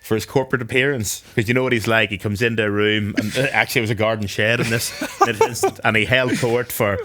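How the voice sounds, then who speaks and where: A man's voice: lowish voice, steady tone, fast, bright, forceful tone. A man with an Irish accent, a guest on a podcast, telling dry, understated stories in a casual chat. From Ireland.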